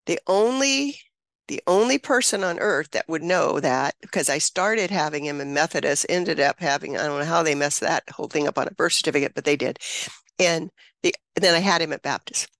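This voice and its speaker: A woman in her seventies speaks as an interview guest, with a gravelly, creaky edge to her voice. She tells a personal story with feeling, laughing often and acting out the people she quotes. The sound is dry and close, with no room echo. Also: low voice, a little fast, fairly bright tone.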